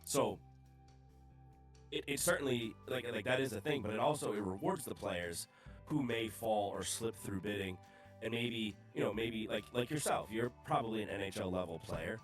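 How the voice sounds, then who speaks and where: A man's voice: on the low side, normal speed, soft background music. A man, the league commissioner, explaining rules in a rambling, restart-filled casual way.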